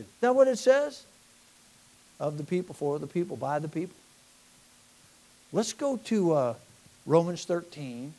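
High-voiced impassioned preacher man. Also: big pitch swings, a little slow, long pauses. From United States. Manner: impassioned, rising to near-shouting, talking directly to a congregation. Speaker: pastor. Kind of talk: sermon.

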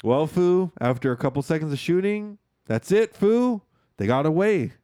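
A man hosting a podcast, casually recapping a movie in slangy, excitable storytelling full of swearing. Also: a little high, normal speed, clear, resonant tone, no room sound, studio quality. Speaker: podcast host.

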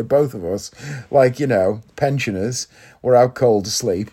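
A man's voice: medium pitch, a little slow, a little mellow, husky. Chatty man musing in a vlog. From Northeast England. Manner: chatty, leans on tag questions like "isn't it?". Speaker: vlogger. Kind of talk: casual vlog monologue.

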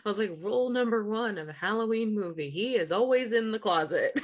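A woman co-hosting a podcast in casual chat, laughing along and adding quick asides. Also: medium pitch, lively intonation. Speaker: podcast co-host.

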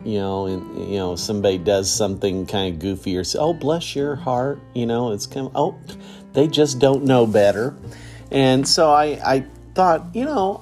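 Male podcast host, middle-aged, low voice, drawn-out rambling delivery. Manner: rambling, relaxed, with many fillers and restarts. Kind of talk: casual solo podcast monologue.

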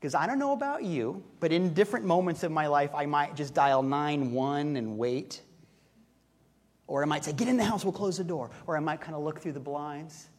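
A male pastor giving a conversational sermon, telling a story with relaxed humor and asides. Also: fairly high pitch, normal speed.

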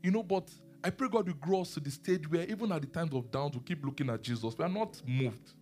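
A man preaching a sermon and teaching the Bible, animated, asking his listeners questions and laughing often. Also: a little high, fast talker, faint music behind.

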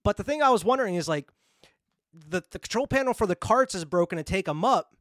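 A man's voice: high-pitched, expressive, fast talker, fairly bright tone, dry recording, studio quality. A man hosting a film review podcast, retelling scenes in casual chat with frequent laughs and casual swearing. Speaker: podcast host reviewing films.

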